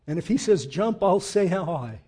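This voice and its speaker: A man preaching a sermon, swinging from loud emphatic peaks to quiet, low asides and putting direct questions to the congregation. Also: expressive, moderate pace, husky. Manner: emphatic, rising to loud peaks then dropping low and intimate. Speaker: pastor.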